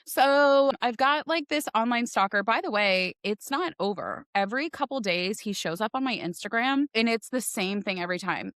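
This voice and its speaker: A woman's voice: fairly high pitch, normal speed, few pauses, no echo, studio quality. Chatty woman in her forties. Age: 40s. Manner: animated, acts out voices in her retelling. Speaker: podcast guest, realtor. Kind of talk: casual storytelling chat.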